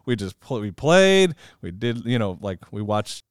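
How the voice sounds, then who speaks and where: Man, thirties, casual podcast chat, smooth resonant voice, dry close sound. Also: on the low side, a little slow, no echo. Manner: animated storyteller, laughs at himself.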